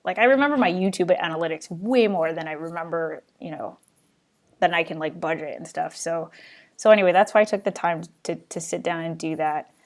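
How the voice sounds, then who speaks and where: A woman's voice: fairly low pitch, fairly quick. A young adult woman hosting her own live show, chatting casually and rambling as she answers viewer questions. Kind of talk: casual live-stream chat.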